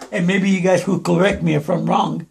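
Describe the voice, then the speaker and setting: A hoarse man with a fairly high, gravelly voice chats through a home-studio lesson on stacking and mixing vocals. He talks loosely and keeps calling the listener brother. The room around him sounds echoey. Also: darkish tone. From New Mexico. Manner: chatty, calls listener brother. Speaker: music producer teaching vocal recording. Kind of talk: casual home-studio tutorial.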